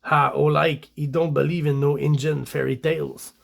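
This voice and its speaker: A man putting on a gruff French-Canadian woodsman. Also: on the high side, flat delivery, normal speed. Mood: mocking. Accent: put-on French-Canadian English. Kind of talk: read-aloud comic voice.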